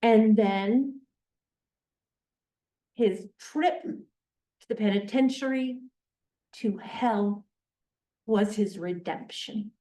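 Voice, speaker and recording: In an echoey classroom or church meeting room, with the mic set far off, a woman leads a book discussion. She reads a novel aloud, then talks it over earnestly and emphatically, checking that listeners follow. Her voice is medium-pitched and dark, with drawn-out words and frequent pauses.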